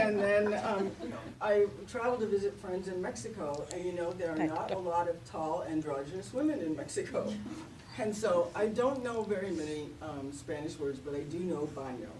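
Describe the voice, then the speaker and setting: A woman's voice: mid-range voice, normal speed. An older woman doing stand-up comedy, telling self-deprecating stories and laughing at her own punchlines. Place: comedy venue with live audience. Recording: roomy, distant mic, noisy audience.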